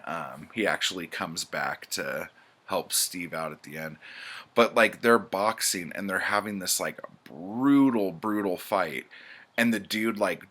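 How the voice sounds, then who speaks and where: A man's voice: low voice, sharp tone. A man casually recapping pulp stories in a rambling, profane way, with plenty of fillers. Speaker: book reviewer.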